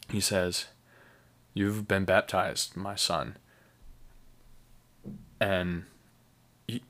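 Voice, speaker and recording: A man's voice: low voice, pushed and bright. A man hosting a casual solo podcast, rambling enthusiastically with many fillers and restarts. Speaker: podcast host.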